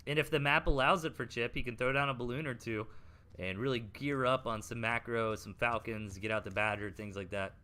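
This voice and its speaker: A man's voice: medium pitch, brisk, pushed and bright. A young man with a Southern US accent, casting game replays in a rambling, chatty live-stream commentary full of fillers. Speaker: game caster.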